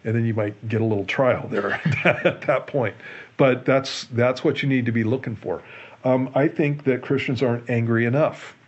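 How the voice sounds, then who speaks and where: A man, a pastor, explaining a Bible passage in a relaxed Q&A show, earnest and often restarting and repeating his words. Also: mid-range voice, normal speed, husky, dull audio. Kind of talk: conversational Bible teaching in a Q&A show.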